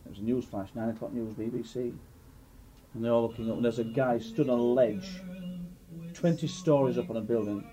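A man's voice: mid-range voice, brisk, background noise. A man telling a joke at an informal house music session, rambling and restarting as he goes. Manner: rambling, restarts his story. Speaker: joke teller.

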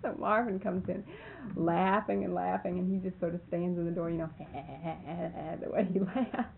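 A woman's voice: fairly low pitch, fairly even intonation, brisk, vocal fry. A woman telling a long rambling story in a folksy way, laughing often. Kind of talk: casual storytelling. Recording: tinny phone line, faint hiss.

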